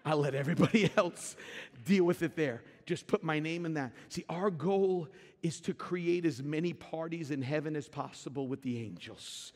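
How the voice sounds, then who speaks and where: A man preaching a sermon to his church, moving from quiet asides to loud shouted climaxes. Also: a little high. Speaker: pastor. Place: large church sanctuary. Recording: reverberant large hall with music behind.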